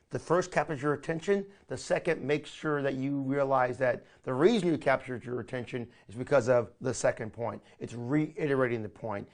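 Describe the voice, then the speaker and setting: A man with a medium-pitched voice teaches a live online marketing training in an energetic, coaching style, often calling his listeners "my friend."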